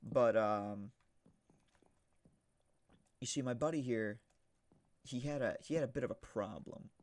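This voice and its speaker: A young man streaming a game, casually telling a rambling story with lots of restarts, now and then shouting a punchline. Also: medium pitch, measured pace. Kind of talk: casual storytelling while gaming.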